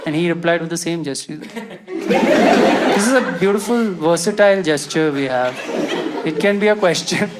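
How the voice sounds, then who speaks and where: A man performing a stand-up comedy set, telling an animated story, acting out quotes and bursting into loud indignation. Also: a little high, normal speed, pauses often. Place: comedy stage before a live audience. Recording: stage set with loud audience laughter and noise.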